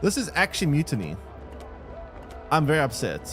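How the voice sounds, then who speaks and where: Animated male game streamer. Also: fairly high pitch, brisk. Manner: animated, exclaims and talks to chat. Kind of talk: live gameplay commentary. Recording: faint game music behind.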